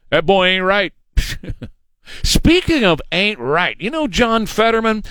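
A sarcastic male talk host. His voice sits a little high and swings widely up and down as he rants. The sound is dry and close, with no room around it. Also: a bit bright, clear, resonant tone, no room sound. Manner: combative, sarcastic, mocks opponents in put-on voices. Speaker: radio talk show host. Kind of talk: opinionated political monologue.

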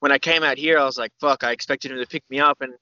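Bright-voiced Australian man rambling casually. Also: mid-range voice, racing, no echo, dull audio. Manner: rambling, animated, swears, many fillers. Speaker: podcast guest. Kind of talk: casual storytelling interview.

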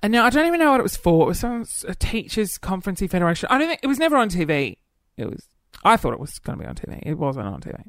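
A young man hosting a podcast in casual solo chat, camp and flamboyant, running off into quick asides. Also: sits high, wildly swooping pitch, a bit bright, dry recording, studio quality. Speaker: podcast host.

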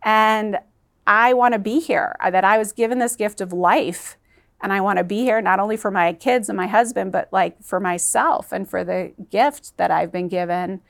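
A woman sits as a guest in an interview and tells a painful personal story. Her voice sits at a middle pitch. She is earnest and emotional, and she halts at times. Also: normal speed, creaky, fairly bright tone.

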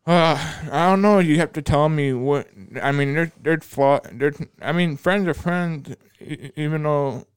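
A deaf man talking casually on a podcast, halting and often repeating his words. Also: on the high side, clear, resonant tone. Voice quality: speech of a deaf speaker. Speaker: podcast regular.

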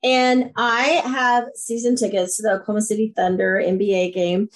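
A woman guest on a podcast interview, talking in an enthusiastic, animated storytelling way. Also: mid-range voice, normal speed. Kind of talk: casual interview chat.

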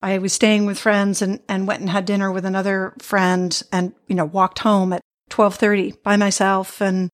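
A woman's voice: mid-range voice, little pitch movement, moderate pace, few pauses. A woman hosting a podcast interview, speaking thoughtfully and hedging with "sort of" and "you know.". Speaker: podcast host. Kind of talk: casual interview chat.

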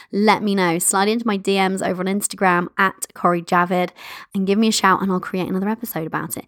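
Chatty woman podcaster, warm and bubbly, mid pitch, dry sound, soft music behind. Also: no room sound. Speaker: podcast host. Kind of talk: casual solo podcast chat.

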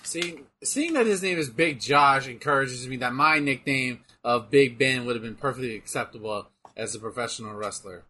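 A man co-hosting a casual chat while watching wrestling, joking and breaking into loud outbursts. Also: medium pitch, moderate pace, hardly any pauses, slight background noise. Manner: loud, excitable, jokey outbursts. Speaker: podcast co-host.

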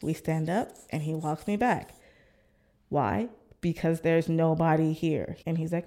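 Speaking in a low, dark voice with fairly even intonation and an unhurried pace, a woman in her 30s shares her own experience as an interviewee. She is candid and reflective, voicing other people's lines as she goes.

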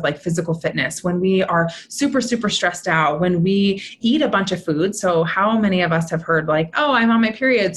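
A woman's voice: fairly low pitch, a bit bright, slight background noise. A woman in her thirties, a mentor and podcast guest, explaining in an upbeat, chatty way and often checking in with "right?". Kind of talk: podcast conversation.

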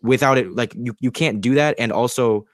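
A man's voice: mid-range voice, moderate pace, dry recording, clean studio sound. A man co-hosting a sports talk show, arguing his point in a casual, incredulous way with plenty of fillers. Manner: conversational, incredulous, many fillers. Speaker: sports radio co-host.

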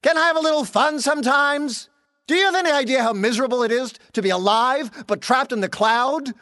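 An actor playing a clingy, passive-aggressive male digital assistant in a scripted audio comedy, speaking in a mild, deadpan way. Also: very high-pitched, a little fast, no room sound. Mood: plaintive. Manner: deadpan, mild and dry, turning plaintive.

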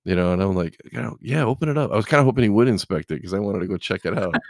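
A man's voice: low voice, very fast, gravelly, noisy background. A middle-aged man, a truck driver, chatting casually and telling rambling stories full of "you know". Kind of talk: casual chat.

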